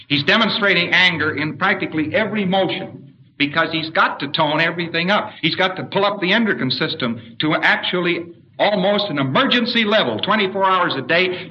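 A man's voice: sits high, highs cut off, a little hiss or hum. A man giving an explanatory spoken lecture and pointing to a diagram. He now and then acts out short spoken commands.

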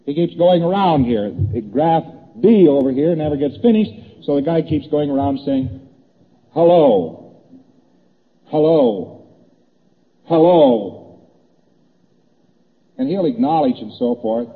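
A man's voice: on the high side, animated, moderate pace, few pauses, slightly rough. A man giving a conversational lecture, walking through graphs on a board and acting out small exchanges. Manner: conversational, repeats points, acts out little exchanges. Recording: tinny old tape in a reverberant hall.

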